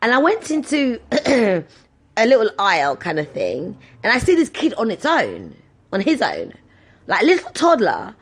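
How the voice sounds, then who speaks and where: A woman's voice: a little high, moderate pace, slightly rough. A woman in her thirties hosting a podcast, telling casual stories and acting out the people in them. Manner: animated, acts out voices in her anecdotes. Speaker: podcast host. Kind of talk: casual storytelling monologue.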